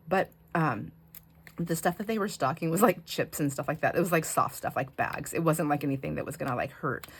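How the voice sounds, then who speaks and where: This craft video host is a middle-aged woman whose low voice carries a breathy edge. As she crafts, she chats casually and spins a story, frequently laughing and leaving sentences unfinished.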